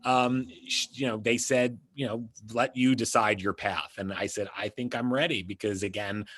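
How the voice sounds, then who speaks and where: A man's voice: medium pitch, steady tone, moderate pace, a bit bright. A man from the United States, a publicist being interviewed, telling a personal story in a casual, rambling way with lots of "you know" and restarts.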